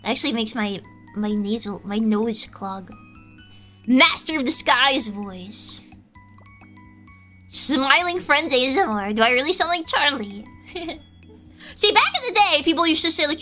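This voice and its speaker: A young woman streamer chatting loudly with her chat, nearly yelling every word and often giggling. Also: high-pitched, lively intonation, unhurried, long pauses, faint music behind. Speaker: VTuber streamer. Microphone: headset.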